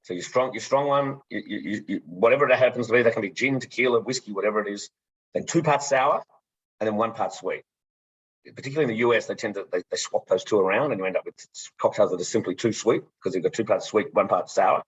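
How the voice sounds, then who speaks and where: A man's voice: fairly low pitch, fast, slightly rough. A man presenting a gin tasting with energy, stumbling over repeated words as he goes. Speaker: distillery co-founder presenting a tasting. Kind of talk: enthusiastic casual presenting. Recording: muffled, slightly lo-fi sound.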